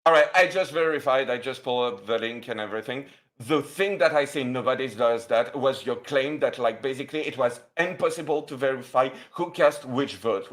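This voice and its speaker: A man arguing as a debate guest, halting and hesitant, full of fillers. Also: mid-range voice, fairly bright tone.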